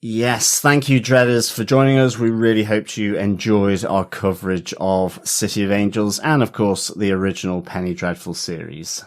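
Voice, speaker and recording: A male podcast co-host with a lowish voice, chatting casually about television. He takes his time and leans on small filler pauses between thoughts. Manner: relaxed, with frequent filler pauses. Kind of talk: casual chat.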